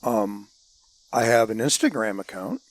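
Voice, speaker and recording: Blunt, animated man, casual guest. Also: fairly low pitch, unhurried, poor audio. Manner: blunt, animated, self-described curmudgeon. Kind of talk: casual chat.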